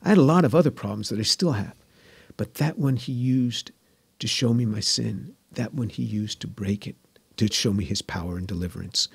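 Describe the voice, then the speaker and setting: A man in his sixties giving earnest personal testimony as an interview guest, repeating phrases and going soft and hushed when moved. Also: on the low side, normal speed, gravelly, husky, no room sound. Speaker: guest, scientist.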